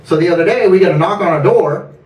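A man's voice: high voice, fast talker, distant mic. A man from Texas doing a stand-up comedy set, telling a story conversationally and laughing at his own jokes. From Texas, USA. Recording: echoey club recorded from afar, noisy.

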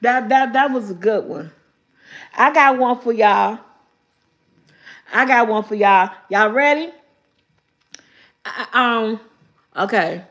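A woman chats casually on a live stream, reading her viewers' riddles aloud. Her voice sits high, and she talks slowly, repeating each question and breaking into laughter often. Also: fairly bright tone, highs cut off.

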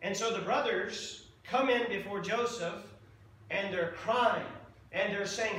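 High, bright-voiced preacher in an echoey church. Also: male voice, a little slow, distant mic, slight background noise. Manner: conversational preaching with frequent "okay?" checks. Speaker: pastor. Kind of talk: sermon. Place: church sanctuary.

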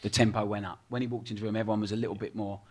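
A man, a former footballer, telling animated dressing-room anecdotes on a live podcast in front of an audience. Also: lowish voice, racing. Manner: animated anecdotes, mimics his old manager.

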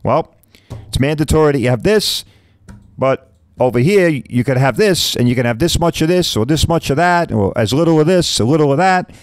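A man's voice: on the high side, lively intonation, normal speed, no echo. A man in his fifties, a podcast host, talking casually and bluntly, rambling and mild swearing, often asking "right?". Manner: chatty, keeps asking "right?".

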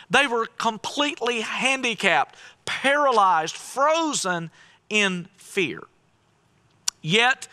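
Male pastor, sermon. High voice, bright and forceful. Dramatic and emphatic, leans on repeated phrases. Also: clean tone.

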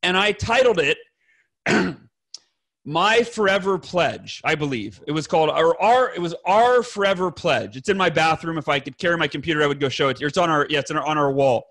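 Earnest high-voiced man, choked up. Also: lively intonation, fairly quick, a bit bright. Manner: earnest, rambling, self-correcting, swears; clears throat often. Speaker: podcast guest. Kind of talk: emotional personal story to fathers.

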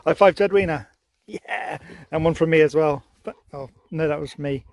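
A man's voice: a little high, moderate pace, gravelly, darkish tone, no echo. A young man, cheerful and chatty, thanking viewers for gifts and talking to his dog with frequent laughs. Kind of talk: casual vlog chat to camera and dog.

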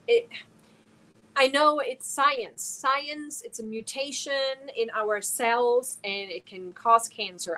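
A woman's voice: on the high side, a bit bright, poor audio. A woman from Germany hosting a casual crochet livestream, talking earnestly and emotionally while reading viewer comments aloud. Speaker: crochet channel host.

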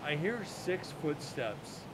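A man running a paranormal live stream rambles in a laid-back way, speaking directly to his chat. He sounds very animated yet talks slowly, with a heavy vehicle rumble in the background.

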